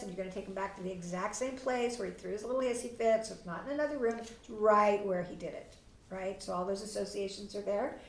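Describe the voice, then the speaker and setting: A woman's voice: medium pitch, quick pace, a little hiss or hum. A woman teaching a parenting class, coaching parents and acting out short sample talks with a child. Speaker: parenting instructor. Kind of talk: parenting class, answering questions. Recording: echoey room, mic at a distance.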